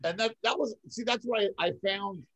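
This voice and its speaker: A man hosting a podcast in casual chat, relaxed and rambling, often repeating words. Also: sits high, a little fast. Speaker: podcast host.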